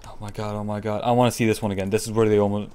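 A young man hosting his gaming channel, nervously commenting on a horror game, swearing and repeating himself in hushed murmurs and sudden yelps. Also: fairly low pitch, little pitch movement, rapid-fire, clear, resonant tone.

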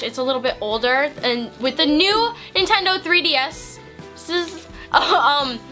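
A woman hosting a casual vlog at home, excitedly gushing and giggling as she opens presents. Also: sits high. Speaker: vlog host. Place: at home on Christmas Eve.

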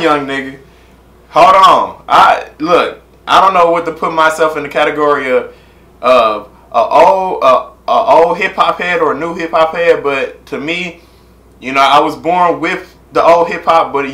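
A man's voice: on the high side, pushed and bright, echoey room. A man hosting a casual music reaction vlog, talking in a loose, slangy, rambling way full of filler phrases. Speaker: reaction channel host.

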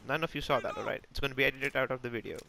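A man hosting a gaming channel, giving live, excitable and self-mocking commentary as he plays, talking to teammates and enemies. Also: medium pitch, rapid-fire, gravelly, noisy background.

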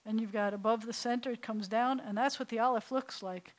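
A middle-aged woman rabbi teaching a beginners' Hebrew class, patient and playful, slowly sounding out syllables for students. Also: on the high side, steady tone, a little hiss or hum, low-quality recording. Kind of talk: classroom language lesson.

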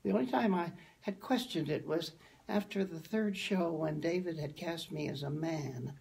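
Older woman from the midwest, raspy gravelly voice, animated storyteller. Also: low voice, normal speed. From American Midwest. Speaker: guest actress. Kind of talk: conversational interview.

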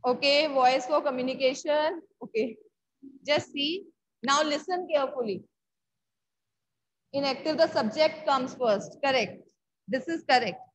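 A woman's voice: sits high, unhurried, long pauses, low-quality recording. A woman with an Indian English accent teaching an online English grammar class, repeating key words and checking often that students follow.

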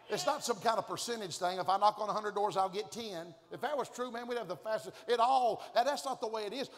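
A man preaching a fiery, folksy sermon that swings between shouts and hushed tones. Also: high voice. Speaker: guest preacher. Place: large church auditorium at a conference. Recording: long reverb of a large hall.

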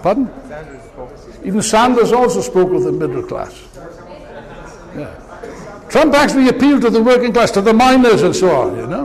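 A man's voice: sits high, very animated, normal speed, pauses often. A man giving an impassioned political speech to an audience, with mocking asides. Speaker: political speaker. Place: large meeting hall. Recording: long reverb of a hall.

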